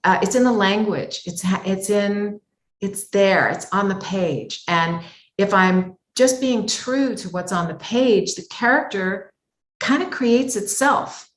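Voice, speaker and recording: A woman's voice: medium pitch, takes it slowly, roomy sound. A woman voice actor talking as an interview guest, thoughtful and circling back with many asides. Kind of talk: conversational interview talk.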